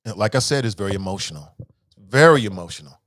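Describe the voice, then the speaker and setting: A man's voice: fairly low pitch, expressive, fast talker, a bit bright, no room sound, studio quality. Candid man hosting news commentary. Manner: conversational, addresses viewers directly, swings between joking and heavy emotion. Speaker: show host.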